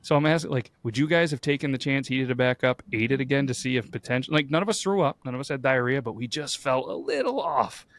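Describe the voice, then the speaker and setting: A man's voice: medium pitch, quick pace, few pauses, fairly bright tone, dry recording. A married man hosting a podcast, telling stories in a blunt, profane, casual way. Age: adult, married. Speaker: podcast host. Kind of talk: casual chat.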